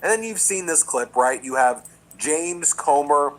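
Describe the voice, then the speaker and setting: A man's voice: a little high, expressive, a little slow, low-quality recording. A man giving a combative, mocking public speech as a politician.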